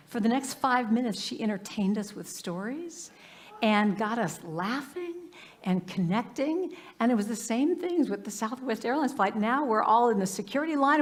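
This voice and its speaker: A woman's voice: fairly high pitch, expressive, normal speed. A woman minister giving a sermon in a live church service, telling everyday stories in a conversational way and often saying "you know.". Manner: conversational, warm anecdotes with frequent "you know". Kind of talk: storytelling sermon.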